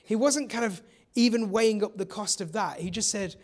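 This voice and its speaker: A man preaching a sermon as pastor, telling the story conversationally and often dropping into a soft hush. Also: high voice, moderate pace. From England.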